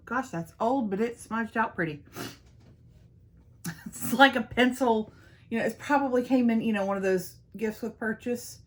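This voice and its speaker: A woman's voice: fairly high pitch, normal speed, pauses often. A young woman chatting playfully through a makeup tutorial as a beauty vlogger. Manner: playful, self-teasing, talks to viewers as y'all.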